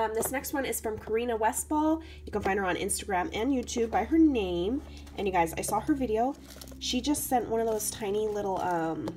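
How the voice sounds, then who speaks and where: A woman doing a casual craft unboxing vlog, chatty and gushing, her voice going hoarse. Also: fairly high pitch, warm tone, slight background noise. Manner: gushing, chatty, lots of "so cute" and "you guys". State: voice getting hoarse. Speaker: craft vlogger opening mail.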